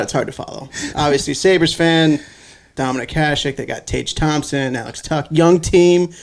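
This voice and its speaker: Gravelly young man in casual sports chat. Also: fairly high pitch, moderate pace, slight background noise. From United States. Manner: loose, jokey, laughs easily. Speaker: podcast guest.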